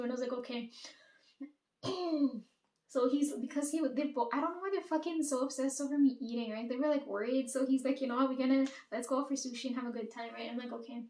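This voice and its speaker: A woman's voice: high-pitched, fairly quick. A young woman telling a rambling, casual story about her life, swearing freely and acting out what others said to her. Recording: roomy echo, distant from mic.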